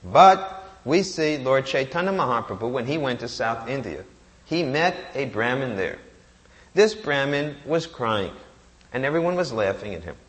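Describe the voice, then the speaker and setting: A man's voice: medium pitch, expressive, moderate pace, fairly bright tone. A man giving a sermon, reciting Sanskrit verses and asking rhetorical questions that he answers himself. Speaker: preacher.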